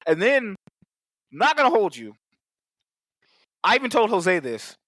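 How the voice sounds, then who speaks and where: A high-voiced man talking a movie over in a loose podcast chat, swearing freely and throwing himself into the retelling. His tone is bright and sharp, and the recording is close and dry. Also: a little slow, no echo. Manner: profane, animated, acts out monster voices. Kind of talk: casual movie review chat.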